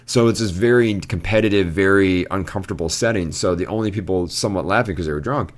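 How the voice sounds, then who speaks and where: A man with a very low voice, chatting as a podcast co-host. He tells a long anecdote in a loose, rambling way and laughs often as he goes. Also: quick pace. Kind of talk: casual chat.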